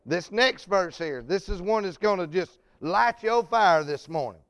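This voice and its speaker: Preacher man, real high voice, gravelly bits, fired up and shouting at the church. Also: lively intonation, unhurried. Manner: fervent, shouting climaxes, calls to congregation. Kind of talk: sermon.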